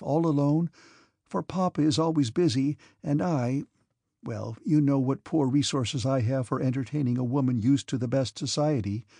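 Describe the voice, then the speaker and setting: A man reading aloud and voicing a gentle, earnest young noblewoman who speaks softly and pleads with her brother. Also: a little high, dry recording, clean studio sound, pitched above the performer's own voice.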